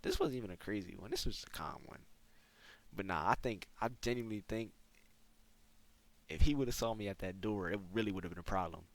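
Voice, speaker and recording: A man's voice: on the low side, brisk, pauses often, dry recording. A young man telling a casual storytime to his viewers in a slangy, laid-back way, saying "bro" again and again. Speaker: gaming storyteller.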